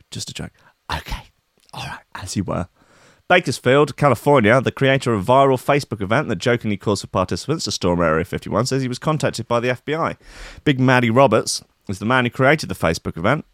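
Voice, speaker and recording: A man's voice: lowish voice, dry recording, clean studio sound. A man reading out news stories and mocking them in a sarcastic, exasperated rant. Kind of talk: ranting news commentary.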